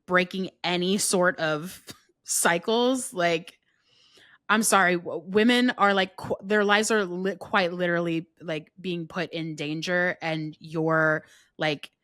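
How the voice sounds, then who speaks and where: A woman's voice: fairly low pitch, fairly even intonation, takes it slowly, fairly bright tone, no echo, studio quality. A woman speaking as a guest on a dating podcast, emphatic and peppered with "like" fillers. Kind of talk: casual podcast chat.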